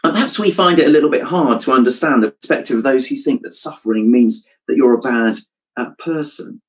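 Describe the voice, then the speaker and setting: A man preaching a sermon, thoughtful and measured, dropping his voice quietly when quoting scripture. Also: medium pitch, poor audio. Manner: reflective, drops to a hush on quoted scripture.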